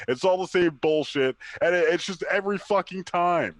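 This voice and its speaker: A man's voice: sits high, moderate pace, few pauses, no echo. A man co-hosting a podcast, ranting in casual chat with heavy swearing and frequent laughs. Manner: ranting, profane, laughs often. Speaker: podcast co-host.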